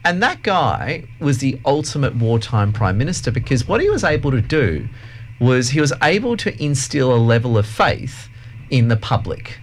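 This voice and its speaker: A man's voice: mid-range voice, moderate pace, a little hiss or hum. A man co-hosting a podcast who talks in a casual, motivational way and tells emphatic, upbeat stories. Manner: animated storyteller, upbeat and emphatic. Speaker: podcast co-host.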